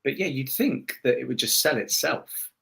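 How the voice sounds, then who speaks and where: A man's voice: mid-range voice, lively intonation, normal speed, vocal fry, sharp tone. Rambling, self-mocking man on a podcast. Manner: self-deprecating, rambling with restarts and swearing. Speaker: voice actor guest. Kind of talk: casual podcast chat.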